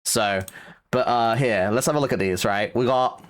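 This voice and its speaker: A man's voice: medium pitch, moderate pace. A young British man streaming live, chatting casually and teasing his chat with jokes. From Britain. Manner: teasing, joking banter with chat.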